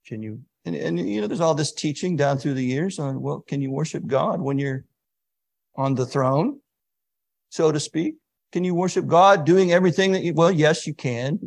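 A man preaching a sermon, swinging from hushed, drawn-out words to sudden booming emphasis. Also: gravelly.

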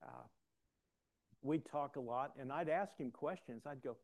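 A man's voice: medium pitch, measured pace, long pauses. An older man preaching a conversational sermon in a folksy, rambling way, often repeating words as he starts a thought.

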